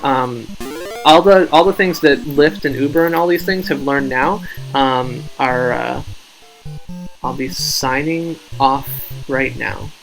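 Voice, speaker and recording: A man's voice: mid-range voice, slow pace, vocal fry, fairly bright tone, faint music behind, rough recording. A man hosting a casual game live stream, rambling, joking at his own expense and reading out viewer names.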